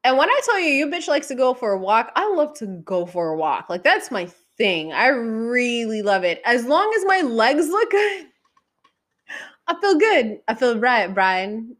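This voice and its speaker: A woman's voice: on the high side, unhurried. Frank, profane woman telling stories. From San Diego area. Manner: frank, profane, animated, jumps between loud outbursts and quiet asides. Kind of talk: casual storytelling monologue.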